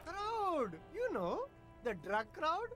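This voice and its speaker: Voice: very high voice, huge pitch swings, slow pace, music in the background, full character voice. A voice actor playing a defensive, boastful street vendor in a video game who keeps dodging questions with rambling denials. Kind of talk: game voice acting.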